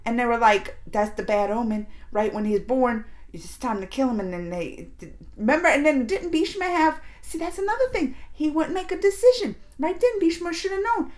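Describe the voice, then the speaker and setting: A woman hosting a casual reaction video, excitedly retelling and commenting on scenes. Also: high voice, normal speed. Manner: animated, excitable retelling with laughs and acted-out quotes.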